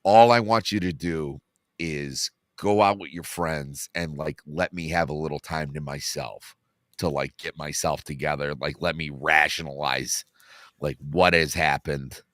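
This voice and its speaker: A young man talks on a casual podcast in a deep voice with a bright, forward edge. He stumbles and restarts often, filling the gaps with fillers. The sound is dry and close. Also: no echo. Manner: halting, many restarts and fillers. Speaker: podcast co-host. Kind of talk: casual chat.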